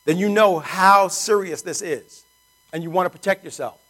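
A man giving an energetic sales pitch to guests in a meeting room, often asking the audience rhetorical questions. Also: normal speed, rough recording. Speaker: sales presenter.

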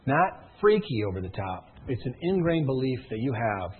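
A man delivers a motivational talk with a husky, grainy voice that swings widely up and down in pitch. He drives his points home through repetition and stories. The sound is thin and tinny, as if heard over a phone line. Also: sing-song, normal speed. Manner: emphatic, repetitive, storytelling, rising and falling intensity. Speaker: motivational speaker at a sales meeting. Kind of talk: motivational speech to a live room.

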